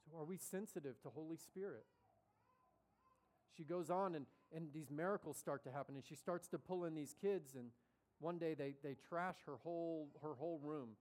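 A man preaching in a loose, conversational storytelling style. His voice sits somewhat high, and he keeps breaking into the quoted voices of the people he describes. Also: normal speed, a little mellow. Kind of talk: sermon storytelling.

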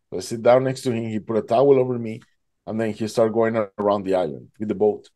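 Guest, male, halting storyteller, mellow warm tone. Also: fairly low pitch, fairly even intonation. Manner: halting, fills with "like" and "you know". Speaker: guest telling his survival story. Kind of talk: emotional personal storytelling.

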